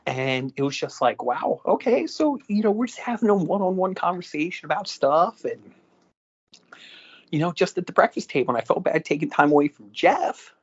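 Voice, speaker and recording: Husky guy telling stories casually, does the voices, muffled lo-fi sound. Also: a little high, normal speed. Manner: animated anecdotes, acts out quotes. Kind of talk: casual storytelling. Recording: dull lo-fi audio.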